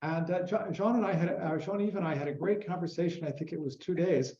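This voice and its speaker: A man's voice: high-pitched, brisk, dark tone, slight background noise. A man hosting an online conference conversation, chatty and loose with many fillers, over a video call. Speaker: host. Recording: roomy, dull sound.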